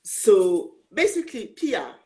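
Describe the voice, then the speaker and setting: A woman's voice: medium pitch, very animated, slow pace, mellow, poor audio. A woman hosting a live video chat, patiently repeating herself while she waits out a weak connection. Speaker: host. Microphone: video call.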